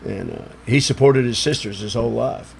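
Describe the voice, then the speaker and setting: A man's voice: mid-range voice, a little fast, vocal fry, a little hiss or hum. A man in his sixties from Chicago, telling rambling stories as a podcast guest, with lots of "you know" fillers. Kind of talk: casual storytelling chat.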